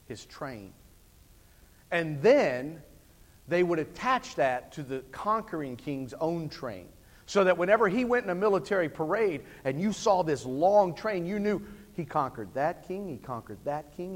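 Preacher man with a roomy hall echo. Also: fairly high pitch. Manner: swings from hushed to shouting climaxes. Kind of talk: sermon. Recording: long hall reverb.

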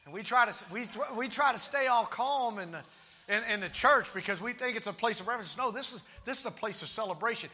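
Male pastor, very high voice, piercing bright tone, shouted sermon, call-outs to the church. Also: lively intonation, quick pace, a little hiss or hum. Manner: shouting, exuberant preaching with call-outs to the congregation.

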